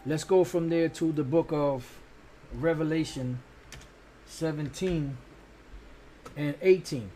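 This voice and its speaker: A man's voice: a little high, takes it slowly, pauses often, mellow, a little hiss or hum. Man giving a casual, profane bible teaching. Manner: casual, profane asides, fillers and restarts; looks up words while talking. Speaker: street preacher.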